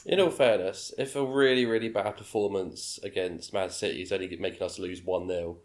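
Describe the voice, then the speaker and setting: A man's voice: sits low, steady tone, a little fast. A man co-hosting a casual podcast, giving his views in an offhand, matter-of-fact way. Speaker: podcast co-host. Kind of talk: casual chat.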